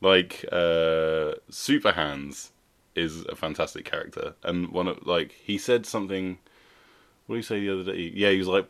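A man's voice: low-pitched, steady tone, moderate pace, a bit bright. A man, chatting casually and laughing often as a podcast co-host. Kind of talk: casual chat.

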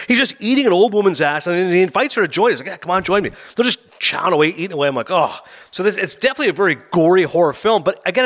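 A man hosting a casual film review chat, talking fast and acting out scenes in quoted voices. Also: on the high side, a bit bright.

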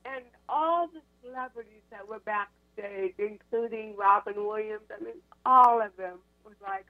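A woman's voice: mid-range voice, measured pace, few pauses, no room sound. American woman in her sixties on a phone line. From United States. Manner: animated, laughs between sentences. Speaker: guest, actress and comedian. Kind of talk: storytelling in a radio interview. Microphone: telephone. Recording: tinny dry phone line.

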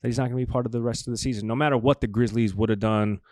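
A man co-hosting a casual sports talk show, animated and laughing, given to mocking impressions. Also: medium pitch, rapid-fire, no echo. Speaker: co-host.

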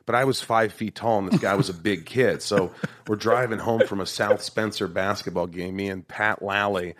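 A man hosting a podcast, telling self-mocking stories in a casual, animated way and slipping into acted voices. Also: on the low side, normal speed, dry recording, studio quality. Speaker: podcast host. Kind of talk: casual storytelling chat.

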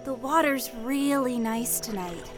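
A woman's voice: a little high, a little slow, natural voice. A woman voicing a bubbly, chatty young swan maiden in a fantasy audio drama, gushing and cheerful with a teen-slang manner. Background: music.

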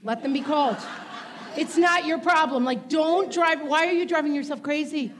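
A woman's voice: sits high, normal speed. A woman co-hosting a comedy podcast live on stage, emphatic and exasperated, laughing often. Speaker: podcast co-host. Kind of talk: comedic live show banter. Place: theater stage before a live audience. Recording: live stage recording with audience noise.

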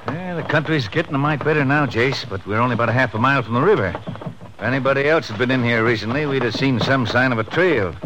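An actor playing a skeptical country sheriff with a drawling rural way of speaking in an old radio drama. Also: male voice, mid-range voice, quick pace, natural voice. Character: folksy, skeptical adult male Western sheriff. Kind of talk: 1950s radio drama acting. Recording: hissy old radio broadcast.

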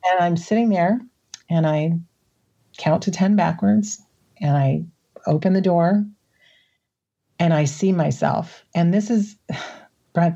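A middle-aged woman from the Midwest telling a personal story as an interview guest, emotional and laughing often between halting restarts. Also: lowish voice, creaky, mellow, highs cut off. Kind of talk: recounting a personal experience in an interview.

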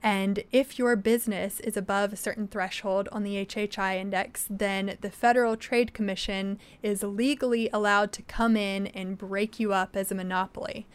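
A young adult woman, a think tank vice president, explaining policy points clearly and steadily as an interview guest. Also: mid-range voice, steady tone. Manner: articulate, explanatory, measured.

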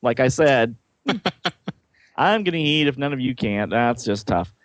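A man's voice: mid-range voice, expressive, slow, dry recording. A man casually reading comic-book dialogue aloud, adding joking asides and laughing often.

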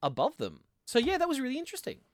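A man's voice: very high voice, wildly swooping pitch, very fast, no echo, clean studio sound. A man co-hosting a podcast in casual chat, thinking aloud and rambling with lots of fillers. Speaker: podcast co-host.

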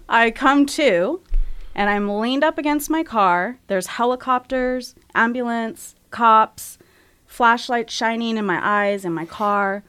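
A woman's voice: a little high, measured pace, smooth, dry recording. Candid woman telling a personal story. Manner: candid, animated when retelling, acts out her own quoted thoughts. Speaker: guest.

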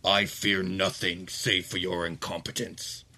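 A man voicing a towering ancient demon archduke who speaks slowly and commandingly. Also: sits low, level tone, pushed and bright, full character voice. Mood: imperious. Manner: slow, commanding, contemptuous.

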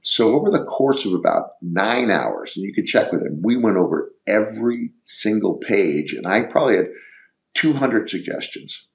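A middle-aged man telling stories on a podcast, rambling and halting as he searches for words. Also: lowish voice, big pitch swings, gravelly. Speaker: podcast guest. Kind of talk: casual storytelling.

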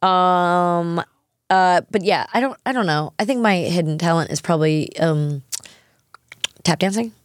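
A woman's voice: lowish voice, unhurried, dry recording, clean studio sound. A woman in her forties hosting a podcast, chatting casually with a rambling, laugh-filled way of talking. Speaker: podcast host. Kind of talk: casual chat.

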